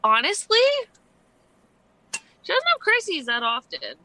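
A woman playing a casual tabletop game speaks slowly and hesitantly, with lots of ums and other fillers. Her high, bright voice swoops wildly in pitch and has a forceful tone, with no room sound in the recording.

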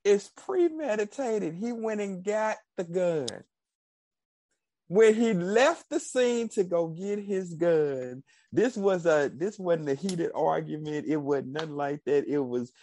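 A man's voice: mid-range voice, dry recording. A man co-hosting a casual chat, giving frank, opinionated commentary and often repeating himself. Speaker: podcast co-host.

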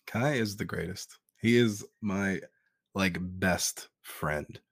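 A man's voice: sits low, slow pace, gravelly, husky, no echo, studio quality. A man being interviewed as an author, speaking in a heartfelt, earnest way and swearing now and then. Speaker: guest, author. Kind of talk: emotional interview talk.

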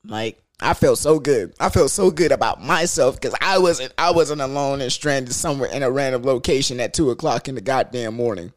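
A man's voice: medium pitch, normal speed, few pauses. A young man telling a story casually and profanely, acting out the voices he quotes. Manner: animated, loose and profane, acts out quoted voices.

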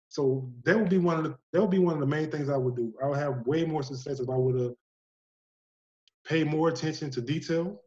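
A man, a basketball coach, talks with a fairly high voice in animated, casual conversation. He acts out what his players say as he tells stories, and he speaks. The sound is muffled and lo-fi, as if it came over a remote link. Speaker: basketball coach, podcast guest.

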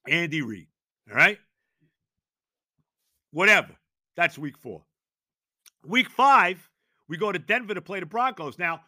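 An older man hosting a sports podcast, ranting loudly and exasperated, hammering points with shouted repetition. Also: sits high, no echo, studio quality. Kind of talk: sports talk rant.

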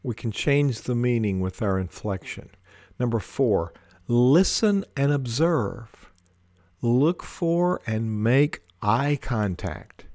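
Man, leadership talk, very slow deliberate pace, dry close sound. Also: medium pitch, a little mellow, no echo. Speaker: leadership speaker.

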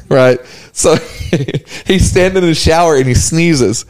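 A man's voice: slow, a little mellow. A man co-hosting a casual podcast chat, telling a story and laughing often, with his voice jumping up when he quotes people. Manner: laughing storyteller, voice jumps high for quoted lines. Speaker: podcast co-host.

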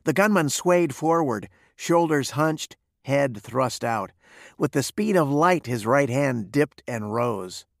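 Gravelly man reading a western. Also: medium pitch, expressive, slow, no room sound, clean studio sound. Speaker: narrator. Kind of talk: reading a western novel aloud.

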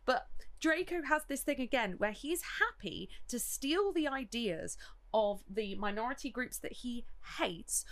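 A woman's voice: on the high side, animated, unhurried, fairly bright tone. A young woman co-hosting a casual book discussion, thinking aloud with analytical enthusiasm. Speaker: podcast co-host.

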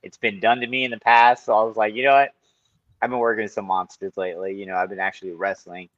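Low-voiced man telling fight stories. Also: quick pace, dry recording, muffled recording. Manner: animated storytelling, swears often. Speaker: guest, kickboxer and Muay Thai instructor. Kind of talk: casual podcast chat.

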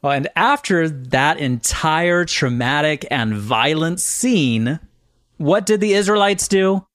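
A man's voice: on the high side, expressive, takes it slowly, a bit bright, dry recording, clean studio sound. Chatty male podcast co-host. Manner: chatty, laughs easily, earnest when reading notes. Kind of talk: casual podcast chat.

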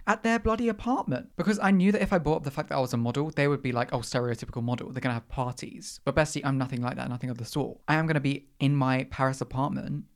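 A podcast host telling a story in casual, animated chat full of slang and dramatic asides. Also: medium pitch, fast, hardly any pauses.

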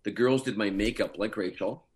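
A middle-aged man, a guest actor, telling funny behind-the-scenes stories in a casual, animated way and chuckling often. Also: fairly low pitch, moderate pace.

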